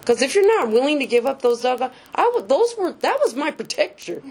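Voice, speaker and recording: A woman with a slightly high voice shares her own story in a casual, confessional way. She is candid and self-mocking, laughs at herself often and swears freely. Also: very animated, fairly quick, gravelly, a little mellow, slightly rough. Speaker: speaker sharing a recovery story. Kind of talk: personal testimony, casual storytelling.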